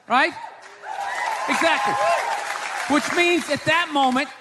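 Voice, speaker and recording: A man doing a stand-up routine in a sarcastic, ranting way, shouting his punchlines. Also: extremely high pitch. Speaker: stand-up comedian. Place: live comedy stage. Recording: live stage with crowd and noise. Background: audience laughter.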